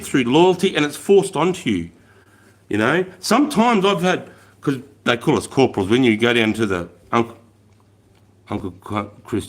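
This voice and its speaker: A middle-aged Australian man, an army veteran, chatting on a livestream and telling stories in an animated, profane way. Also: mid-range voice. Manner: profane, animated storytelling, swears constantly. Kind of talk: casual livestream chat.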